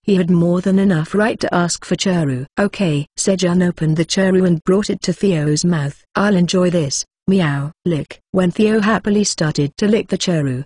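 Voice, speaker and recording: A woman narrating a web novel audiobook in an even, steady reading tone. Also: on the low side, normal speed, few pauses, slightly rough.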